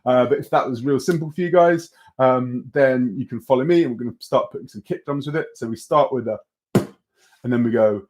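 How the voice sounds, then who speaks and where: Young guy running a beatbox lesson online, chill and encouraging, lots of ums, normal pitch. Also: brisk. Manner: relaxed, encouraging, full of fillers and restarts. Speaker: beatbox teacher.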